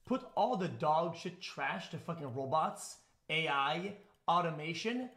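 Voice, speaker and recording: A male streamer with a somewhat high voice rants at his chat. He swears a lot and circles back mid-sentence as his ideas pile up. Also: lively intonation, measured pace, fairly bright tone. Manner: profane, rambling with restarts. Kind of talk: casual rant to chat.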